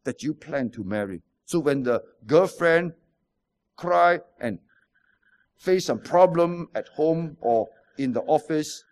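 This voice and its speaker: A man's voice: on the high side, animated, slow, darkish tone. A man, preaching a sermon with stories, rhetorical questions and emphatic repetition. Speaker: pastor.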